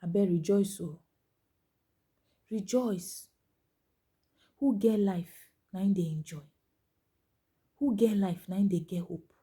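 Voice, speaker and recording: A woman speaking Nigerian Pidgin in a motivational monologue, urging listeners with repeated phrases, rising to loud emphasis and dropping to hushed whispers. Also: on the low side, normal speed, slightly rough. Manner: exhorting, repetitive, swings between loud emphasis and hushed whispers.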